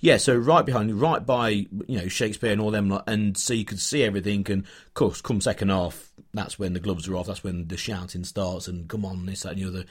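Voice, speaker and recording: A man from England in a casual football podcast chat, spinning a long story in a fairly low voice. He rambles, restarting phrases and dropping in fillers as he goes. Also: fairly quick, few pauses, slightly rough. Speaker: podcast co-host, football fan.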